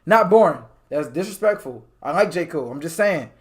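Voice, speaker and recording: Insistent high-voiced young man. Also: lively intonation. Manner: insistent, rapid, argumentative. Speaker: podcast host. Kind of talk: casual debate.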